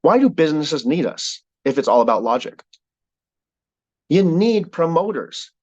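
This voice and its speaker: A man leading a sales team call, giving an energetic motivational talk with a repetitive, preacher-like cadence. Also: on the high side, measured pace, dry recording, lo-fi sound.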